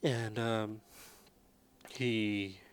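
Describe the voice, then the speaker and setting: A man's voice: lowish voice, steady tone, drawn-out words, clear, resonant tone. A man casually recapping movies in a vlog, rambling with lots of fillers. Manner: rambling, filler-heavy, laid-back.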